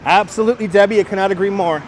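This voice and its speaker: A man's voice: high-pitched, steady tone, racing. A middle-aged man from New York with a light New York accent, chatting to viewers and answering their comments as he walks city streets, on a wireless clip-on mic. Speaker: livestreamer. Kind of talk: walking livestream chat. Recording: faint street noise outdoors.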